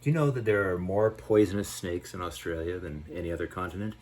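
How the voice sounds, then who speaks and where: Low-voiced man joking while cooking. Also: quick pace, darkish tone. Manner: playful, rambling jokes. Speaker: cooking show co-host. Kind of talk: casual cooking chat.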